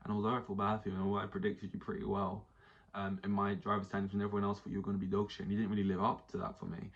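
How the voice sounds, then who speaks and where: Male podcast host, casual animated rant, slightly low voice, dull lo-fi mic. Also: very fast, gravelly. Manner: animated, does mock voices for quotes.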